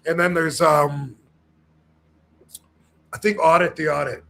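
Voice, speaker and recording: A man's voice: a little high, steady tone, takes it slowly, gravelly, a bit bright. A man talking casually on a podcast, rambling with many fillers and restarts and acting out the people he quotes.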